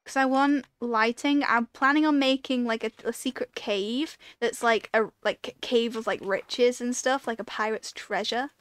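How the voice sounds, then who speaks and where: A gaming video creator, a woman with a fairly high, steady voice, talks at normal speed with hardly any pauses in a smooth, dry recording. She offers casual commentary as she plays, talking to herself and breaking into panicked, repeated pleas. Her style is chatty and rambling, full of fillers, like she's telling a story.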